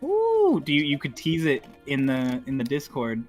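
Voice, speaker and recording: A man's voice: a little high, huge pitch swings, normal speed, soft background music. A man chatting casually with friends on a stream, teasing them and laughing often. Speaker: show regular. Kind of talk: casual group chat on stream.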